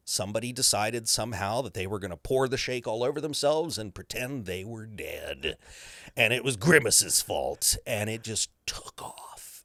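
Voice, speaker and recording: Male voice actor, animated interview guest, very expressive pitch, dry close mic. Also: no room sound. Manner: lively, breaks into character voices and laughs.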